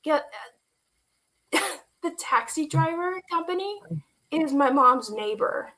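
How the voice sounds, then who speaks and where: High bright woman retelling a story. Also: takes it slowly. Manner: animated retelling with quoted dialogue, laughing and near tears. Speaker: guest telling her story. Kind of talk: emotional personal storytelling. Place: online stream.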